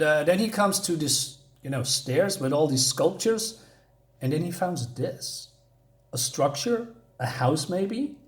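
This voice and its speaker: A man talks through a comic issue in a loose, rambling review, thinking aloud as he goes. His voice sits a little high for a man, and his delivery stays conversational and unscripted. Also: reverberant. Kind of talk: casual spoken review.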